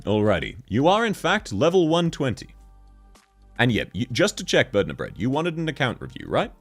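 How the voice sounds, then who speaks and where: A man's voice: medium pitch, huge pitch swings, fairly quick, husky, faint music behind. A young man chatting casually on a game livestream, joking, laughing often and reading chat messages aloud. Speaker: streamer.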